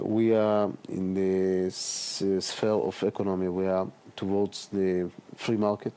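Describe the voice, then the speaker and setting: A middle-aged man answering interview questions as a politician guest, speaking haltingly with many fillers and repeated words. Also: low voice, dark tone, slight background noise.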